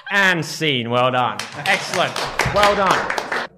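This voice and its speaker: Brisk man hosting improv. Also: on the high side, lively intonation, very noisy. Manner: brisk, cheerful, giving prompts. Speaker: improv show host. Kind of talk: live improv comedy hosting.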